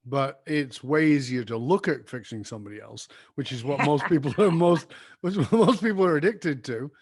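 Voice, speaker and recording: A man's voice: fairly high pitch, normal speed, darkish tone, breathy edge, no room sound, clean studio sound. A man hosting a podcast interview, telling a story about a friend in a chatty way. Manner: conversational, laughs while telling anecdotes. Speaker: podcast host.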